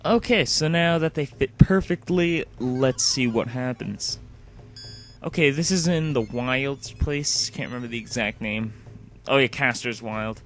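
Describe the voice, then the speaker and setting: Let's play host, male, mid-pitched, rambling casual commentary over faint music. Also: measured pace, fairly bright tone. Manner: rambling, frequent "like" fillers. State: sleepy.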